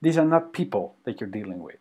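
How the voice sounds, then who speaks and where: A man co-hosting a podcast in casual conversation, animated and halting, with many ums and restarts. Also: lowish voice, husky. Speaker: podcast co-host.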